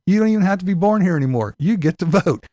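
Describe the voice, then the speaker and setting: A man voicing a mocking caricature of a pandering male politician, in a high sing-song put-on voice. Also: animated, fast, warm tone, no echo.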